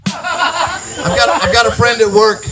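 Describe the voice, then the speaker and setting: A man's voice: very high-pitched, expressive, a little slow, over loud music, a loud crowd. A man with a rural Virginia country accent performing a stand-up set on a club stage, chatty and self-mocking. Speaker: stand-up comedian. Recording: loud noisy live stand-up clip.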